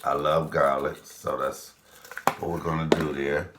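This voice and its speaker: Low-voiced man in his fifties, chatty. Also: level tone, a little slow, background noise. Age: 50s. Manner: chatty, rambling asides, addresses viewers directly. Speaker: cooking channel host. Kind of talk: casual cooking vlog chat.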